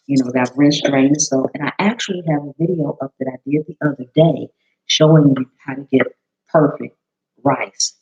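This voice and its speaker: A woman chef chatting with viewers during a live cooking demo in her home kitchen, greeting them by name, her voice a little hoarse. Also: deep voice, darkish tone. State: slightly hoarse. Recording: slightly dull lo-fi live-stream audio.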